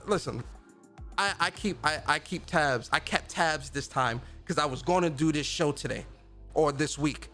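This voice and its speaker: A higher-voiced man hosts a podcast in a loose, ranting style. He swears freely and trips over repeated words as he pushes his point. Faint music sits low behind him. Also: fairly bright tone. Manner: blunt and profane, stammers and repeats words. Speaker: podcast host. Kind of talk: casual ranting commentary.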